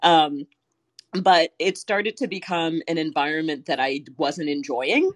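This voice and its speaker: A woman with a somewhat low voice hosts a podcast chat. She reacts warmly to her guest and gathers her thoughts with soft "ums" and pauses. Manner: soft, affirming, hesitant fillers. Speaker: podcast host. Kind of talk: conversational interview.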